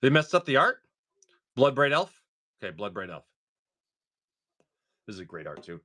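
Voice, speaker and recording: A man hosting a live stream, chatting casually and excitedly to viewers as he opens card packs. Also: medium pitch, moderate pace.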